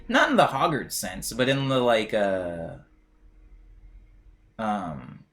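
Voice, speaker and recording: A man's voice: on the low side, wildly swooping pitch, takes it slowly, a bit bright. A young man streaming live, reading chat aloud and rambling in a chatty, jokey way. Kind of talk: casual chat.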